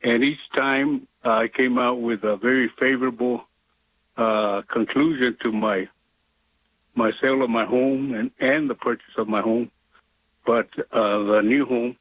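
A man's voice: mid-range voice, breathy edge, no echo. A man calling in to a radio show, talking earnestly with hesitant fillers over a phone line. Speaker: caller. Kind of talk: call-in radio question.

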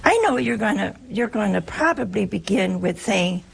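Speaking animatedly at a normal speed with hardly any pauses, a woman from the United States delivers an informal spiritual talk. Her voice is gravelly and very husky with plenty of rough texture, and she stays conversational and humorous, performing snippets of dialogue along the way.

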